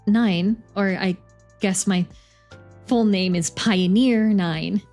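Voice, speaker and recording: A woman's voice: medium pitch, slow pace, darkish tone, faint music behind. A woman voicing a newly awakened space probe that talks hesitantly and awkwardly.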